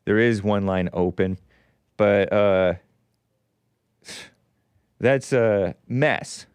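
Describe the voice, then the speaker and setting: A man in his forties hosting a call-in show, giving rambling, sarcastic, animated political commentary. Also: fairly low pitch, extremely slow, clean tone, no room sound, clean studio sound. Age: 40s.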